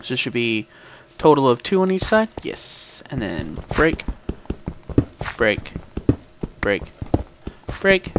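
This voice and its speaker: Animated man narrating his gameplay. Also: medium pitch, slow pace, pauses often. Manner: thinks aloud, hums sound effects, talks to the game. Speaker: gaming channel host. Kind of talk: casual gameplay commentary. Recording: background noise with mouse and keyboard clicks.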